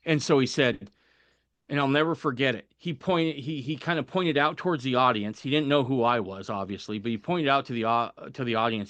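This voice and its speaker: A man on a podcast telling a personal story in a casual, animated way, acting out the voices of people he quotes. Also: medium pitch, a little fast, no echo, highs cut off.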